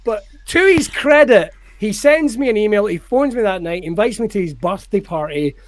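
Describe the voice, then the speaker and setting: A man's voice: high-pitched, lively intonation, normal speed. A Scottish man, a comedian guest on a podcast, telling a story in casual chat, acting out quotes in raised voices, swearing and laughing. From Scotland.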